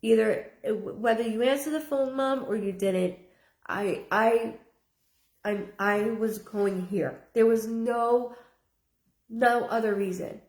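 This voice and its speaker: A woman's voice: fairly high pitch, slow, a little mellow. Woman medium, earnest, repeats herself; live reading in a reverberant room. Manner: earnest, repeats phrases, relays a spirit's words in first person. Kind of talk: live-stream spirit reading.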